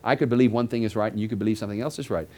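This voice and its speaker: A man's voice: fairly low pitch, fairly even intonation, racing, a little mellow. A man preaching a conversational sermon to a congregation in a church building, repeating his phrases and dropping joking asides to the listeners. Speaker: pastor.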